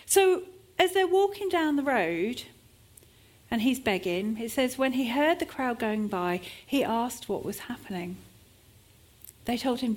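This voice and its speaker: A woman's voice: fairly high pitch, lively intonation, moderate pace. A woman preacher delivering a sermon at a church service, with shifting emphasis as she sometimes acts out desperate cries.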